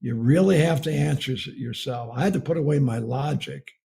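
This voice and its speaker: Gravelly, husky man telling a folksy sermon story. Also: medium pitch, a little fast, warm tone. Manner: folksy, chuckles often while telling a story. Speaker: preacher giving a marriage message.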